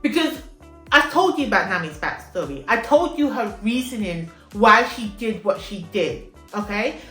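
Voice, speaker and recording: A woman casually recapping an anime arc for her vlog, animated and emotional, often checking in with "okay?". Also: medium pitch, moderate pace. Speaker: anime vlogger. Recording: echoey room with faint music.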